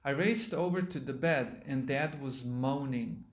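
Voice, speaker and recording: A man, a monk giving a sermon, reading a story aloud and pausing to explain words to his listeners, in a temple hall. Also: medium pitch. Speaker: monk lecturer.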